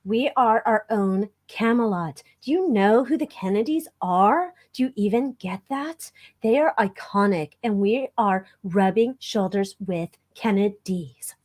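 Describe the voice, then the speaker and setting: A woman's voice: mid-range voice, unhurried, darkish tone, lightly acted. A woman playing a brash, bossy wife with a sassy, theatrical delivery.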